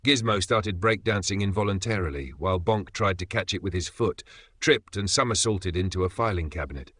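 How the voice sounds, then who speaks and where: Male comic-story narrator, low, bright tone. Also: brisk, slightly rough, no echo.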